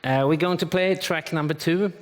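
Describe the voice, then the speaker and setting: A man's voice: on the high side, normal speed, in a large hall, very noisy. A man acting as both interviewer and DJ, chatty, often repeating words as he starts a sentence. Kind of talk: stage interview.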